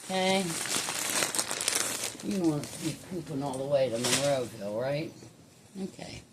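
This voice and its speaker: Low-voiced woman coaxing her parrot. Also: expressive, normal speed, heavy background noise. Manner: coaxing, affectionate baby talk with frequent chuckles. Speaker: pet owner filming her parrot. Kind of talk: casual chat to a pet. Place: indoors at home.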